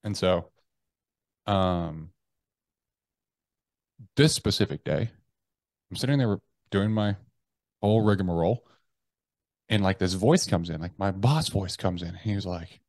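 Blunt, profane man with a lowish voice. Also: a little slow, long pauses, a little mellow, no room sound. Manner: blunt, profane, with frequent restarts. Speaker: podcast guest. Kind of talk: candid conversational storytelling.

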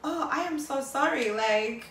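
A young woman from Tanzania chats as host and tells stories with lots of energy, acting out the voices of the people in them. Her tone is bright and a little high. She sounds a bit off-mic in an echoey room. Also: unhurried, recorded from a distance, slight background noise. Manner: animated storytelling, acts out quoted voices, laughs often. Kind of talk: casual chat.

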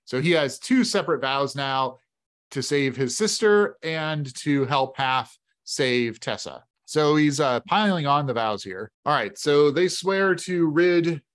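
A man narrates a solo tabletop adventure in a relaxed, chatty way. His speaking voice sits on the higher side for a man. He moves between describing the story and explaining his dice rolls. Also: measured pace. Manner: casual, conversational. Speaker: game master playing solo.

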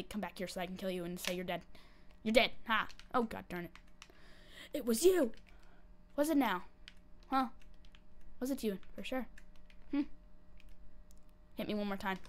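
A woman giving casual commentary while she plays a game, chatty and excitable, breaking into panicky squeals and repeated pleas when things go wrong. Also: mid-range voice, a little hiss or hum. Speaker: gameplay commentator.

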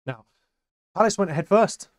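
A man co-hosting a casual football chat, easygoing and quick to laugh. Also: high-pitched, lively intonation, dry recording, studio quality. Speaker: football podcast co-host.

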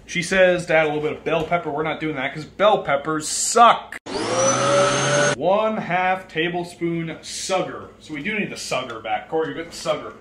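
A man's voice: on the high side, lively intonation, moderate pace, roomy sound, background noise. A young man hosting a casual cooking vlog, joking and bossing his friends around in a home kitchen. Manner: joking, bossy, chatty.

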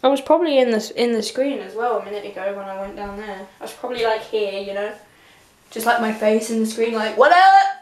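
A woman's voice: mid-range voice, steady tone, fast talker, a little mellow. A young woman vlogging in a rambling, giggly, self-mocking way, talking to a camera on a tripod in a small room. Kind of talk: casual chat to camera. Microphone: camera on a tripod a few feet off. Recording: echoey room, voice from the camera's distance.

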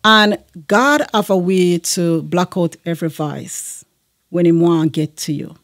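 A woman's voice: lowish voice, unhurried. A woman, a guest sharing a personal testimony in an earnest manner, with frequent fillers.

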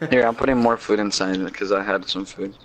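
A young man chatting casually in a multiplayer game, easygoing and quick to laugh. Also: lowish voice, animated, a little hiss or hum. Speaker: gamer.

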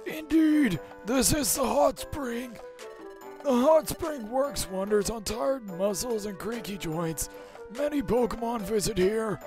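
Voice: mid-range voice, animated, a little mellow, faint music behind, pitched above the performer's own voice. A player doing a very old, kindly creature. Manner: slow, formal, grandfatherly speech. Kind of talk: fan dub of a game playthrough.

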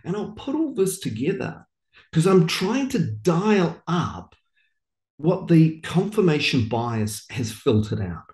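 A man's voice: a little high, big pitch swings, slow, a little mellow, roomy sound. A man, a guest in an interview, explaining a coaching technique and acting out his dialogues with clients, often repeating words as he thinks.

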